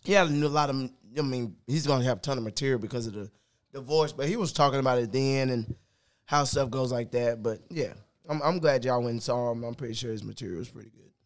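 A man's voice: medium pitch, quick pace. Laid-back man hosting a podcast. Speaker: podcast host. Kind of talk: casual chat.

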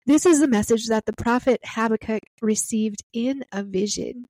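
A woman's voice: a little high, moderate pace, dark tone, no echo. A woman reading scripture aloud and explaining it in an earnest, emphatic teaching style. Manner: earnest, emphatic, piling up phrases. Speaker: Bible teacher. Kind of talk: Bible reading and devotional teaching.

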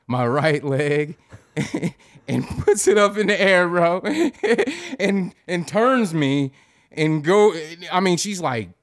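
Animated swearing man telling a story. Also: high-pitched, slow pace, dry recording, clean studio sound. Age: adult, married. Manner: animated, profane, acts out his own reactions. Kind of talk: casual storytelling chat.

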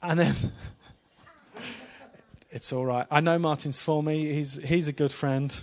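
A man giving an informal church talk to a live congregation, chatty and friendly, asking the room questions and dropping to a hushed voice when he retells the story. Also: a little high, measured pace. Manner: chatty, asks the congregation questions, with small laughs. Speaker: preacher.

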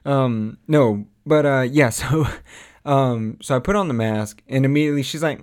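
A young man casually chatting to his audience, rambling with many fillers, frequent laughs and animated quoted lines. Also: mid-range voice, normal speed. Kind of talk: casual chat.

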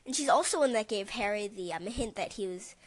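A woman co-hosting a casual podcast, talking in an excitable, emphatic way. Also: mid-range voice, no room sound. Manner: excitable, emphatic, quick to exclaim. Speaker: podcast co-host.

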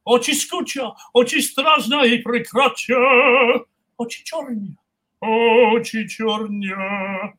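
A man's voice: high voice, fairly bright tone. A man voicing a playful Russian-accented man, drawing the words out in a hammy demonstration.

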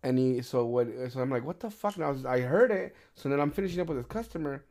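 Middle-aged male host, casual storyteller, heavy cursing, animated retellings. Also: medium pitch, fast talker. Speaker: podcast host. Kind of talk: casual chat.

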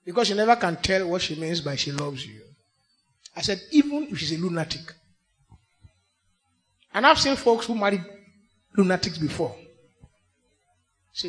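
High-pitched emphatic Nigerian preacher man. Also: sing-song, normal speed, long pauses. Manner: emphatic, swinging from shouts to hushed asides. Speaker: pastor. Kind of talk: sermon. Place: church.

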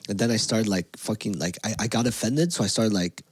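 A man, co-hosting a podcast and telling animated, profane stories in casual chat. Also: on the low side, fairly quick, slightly rough, dry recording. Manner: animated, swears a lot, acts out quotes. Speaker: podcast co-host.

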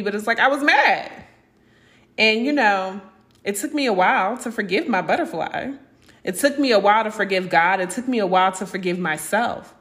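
A young woman hosts her own podcast, speaking openly and with strong feeling in a mid-pitched voice. She swears freely and slips into the voices of people she quotes. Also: fairly bright tone. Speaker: podcast host. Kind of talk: candid spiritual podcast monologue.

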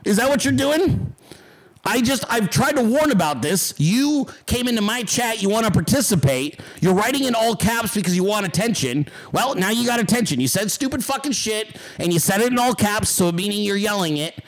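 A man's voice: sits high, animated, normal speed, poor audio. A man hosting a livestream, ranting at his chat with heavy profanity and mocking sarcasm. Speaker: livestream host.

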